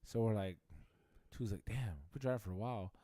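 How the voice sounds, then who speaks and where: A man's voice: lowish voice, fairly quick, mellow, dry recording, studio quality. A young man co-hosting a podcast, telling a profane, laid-back story in casual chat. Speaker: podcast co-host.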